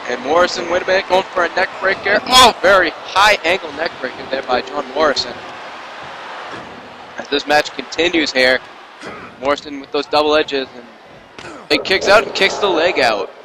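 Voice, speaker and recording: A man calling wrestling play-by-play in an excited, rambling amateur style, full of asides and self-corrections. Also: on the high side, background noise. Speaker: play-by-play commentator.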